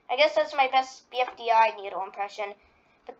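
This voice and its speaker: A woman's voice: a little high, fairly quick, lo-fi sound. A woman giving casual reaction-video commentary, rambling with lots of fillers. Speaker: video creator.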